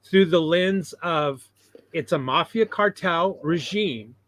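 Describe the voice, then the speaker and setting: A man's voice: a little high, slow pace, fairly bright tone, no room sound. A man in a casual podcast discussion who cuts in and presses his point with emphasis. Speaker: podcast panelist.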